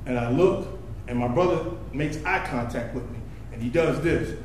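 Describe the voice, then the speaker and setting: A man performing stand-up comedy, telling a story in an animated, profane way and laughing often. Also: medium pitch, moderate pace. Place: live venue stage. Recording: echoey room from far off, noisy.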